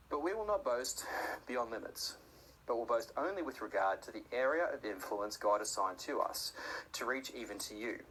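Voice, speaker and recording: A man giving a conversational sermon, often slipping into quick acted-out voices for the people in his stories. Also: animated, a bit bright, slight background noise, low-quality recording. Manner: conversational, acts out voices with sudden high-pitched outbursts. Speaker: preacher.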